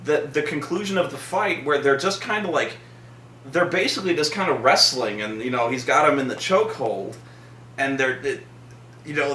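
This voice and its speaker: Man, profane animated rant, bright tense voice, lively pitch, roomy echo, away from the mic. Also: a little hiss or hum. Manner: profane, animated ranting with mocking put-on voices. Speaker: vlog host. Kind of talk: casual movie-review rant. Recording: echoey room, mic at a distance.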